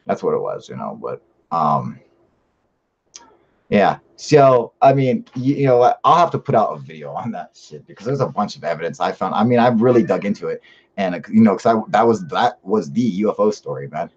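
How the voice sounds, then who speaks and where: A man with a fairly low voice talks loosely and at length as a live-stream host. He rambles, swears freely and pushes his points hard while answering comments. The sound is muffled and lo-fi. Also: very animated, a little fast, a little mellow, breathy edge. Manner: profane, rambling, emphatic. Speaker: live-stream host reading viewer chat. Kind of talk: casual live-stream chat.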